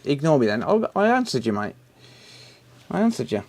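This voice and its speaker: A man's voice: on the high side, very animated, moderate pace, darkish tone, slight background noise. British man, livestream repair host, easygoing running chatter, calls people mate, talks while working. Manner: chatty, answers viewer messages while working, says "mate" often. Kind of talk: casual live stream chat.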